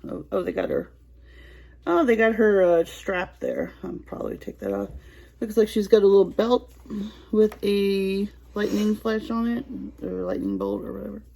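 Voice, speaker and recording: A woman's voice: medium pitch, big pitch swings, moderate pace, creaky, dark tone, rough recording. A woman vlogger chatting casually while unboxing a toy, giggly and rambling.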